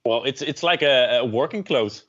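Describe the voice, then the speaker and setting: A man's voice: mid-range voice, moderate pace, fairly bright tone, slightly rough. A man with a Dutch accent, Dutch by birth, a guest answering in a friendly way. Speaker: guest, mortgage adviser. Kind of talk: interview answers. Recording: muffled video call audio.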